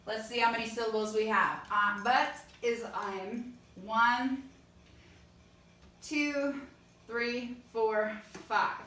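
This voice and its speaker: Woman music teacher, bright and high, walks through lyrics step by step and sings lines to test them. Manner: explains step by step, sings short lines to check. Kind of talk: online songwriting lesson. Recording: echoey room, a bit far from mic.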